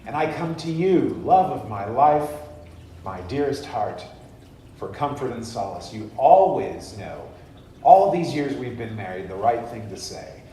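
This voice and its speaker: A man voicing an aging husband who pleads with his wife for comfort in a plaintive, drawn-out way, heard in an echoey church hall from a distant mic. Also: mid-range voice, sing-song, mellow, slight background noise. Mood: pleading.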